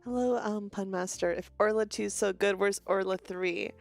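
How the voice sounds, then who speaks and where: Young woman, stuffy nose, quick bubbly stream chat, faint music behind. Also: mid-range voice, fairly even intonation, creaky, dry recording. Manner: fast-talking, bubbly, frequent laughs. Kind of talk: casual stream chat greeting viewers.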